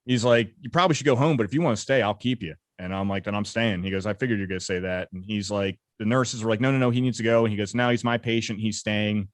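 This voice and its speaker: A man in his thirties tells war stories at a quick clip, slipping into the voices of the people he met. His voice sits a little low. The sound is dry and close, with no room around it. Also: no room sound. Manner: brisk, vivid war storytelling with quoted dialogue. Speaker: interview guest, combat veteran. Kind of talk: casual storytelling interview.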